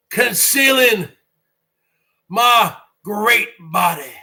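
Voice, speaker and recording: A man shouting a wrestling-style promo to camera with preacher-like boasting, taunting trolls. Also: high voice, lively intonation, takes it slowly, gravelly. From Washington state. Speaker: YouTube channel host.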